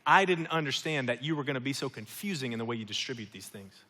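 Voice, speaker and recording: Forceful preacher man in an echoing hall. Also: medium pitch, animated, quick pace. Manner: emphatic, rhetorical questions and repetition. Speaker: pastor. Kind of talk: sermon. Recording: long hall reverb.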